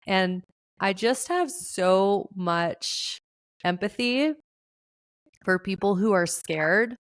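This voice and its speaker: Earnest woman with a smooth, resonant voice. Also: mid-range voice, animated, extremely slow, no room sound. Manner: emotional, tearful at times, earnest. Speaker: podcast host and relationship coach. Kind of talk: heartfelt solo podcast talk.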